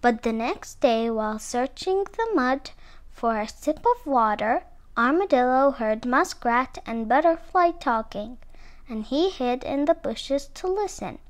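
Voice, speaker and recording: A woman reading a picture book aloud to children, with expressive, animated storytelling. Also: high-pitched, takes it slowly.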